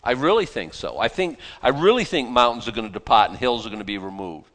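A man preaching a sermon, reading scripture aloud and explaining it in a lively, conversational, folksy way. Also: medium pitch, fast talker. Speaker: pastor.

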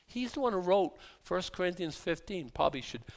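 A pastor preaches with a fairly high man's voice. He swings between loud, emphatic bursts and low, quiet asides, talking in a loose, conversational sermon style. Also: fairly quick, gravelly. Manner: animated, rising to emphatic shouted bursts and dropping to quiet asides.

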